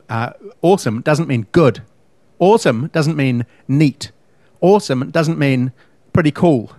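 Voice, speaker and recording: A man's voice: on the high side, a little slow, darkish tone, no room sound. A man co-hosting a podcast in casual chat, ranting emphatically and fussing over word meanings. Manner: ranting, emphatic, pedantic about words. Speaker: podcast co-host.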